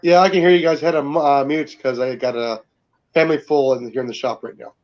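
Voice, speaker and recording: A man's voice: mid-range voice, fairly even intonation, fairly quick. A man calling in to a livestream chat, talking in an easygoing, casual way. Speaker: livestream guest on a call. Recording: dull lo-fi call audio.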